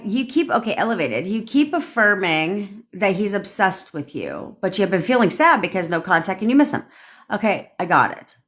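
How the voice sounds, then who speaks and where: A woman's voice: on the low side, a bit bright. A woman coaching viewers on a livestream, talking casually and bluntly with plenty of swearing, and answering commenters by name. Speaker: manifestation coach hosting a livestream.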